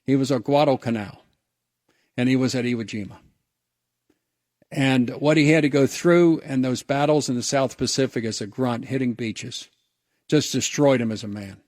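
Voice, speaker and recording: A man's voice: mid-range voice, steady tone, normal speed, pauses often, darkish tone, no echo, clean studio sound. A man who hosts a radio show, telling a personal story in an earnest, reflective way, often restarting his words. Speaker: radio host.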